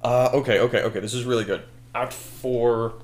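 A man co-hosting a podcast, brainstorming a story in casual chat, animated and laughing often as he acts out scenes. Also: medium pitch, brisk. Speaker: podcast co-host.

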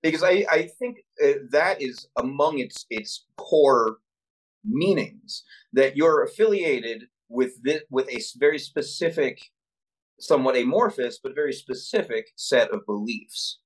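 A man co-hosting a casual podcast discussion, talking in a measured, analytical way and searching for his words. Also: mid-range voice, animated, poor audio. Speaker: podcast co-host.

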